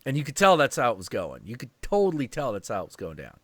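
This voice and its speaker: A man hosting a stream, telling a story in a casual, animated, profane and rambling way. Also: mid-range voice, fast talker, no echo.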